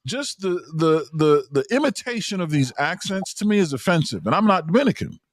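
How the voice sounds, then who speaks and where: A man's voice: on the high side, sing-song, brisk. A man hosting a livestream panel discussion, insistent and lecturing, often cutting others off.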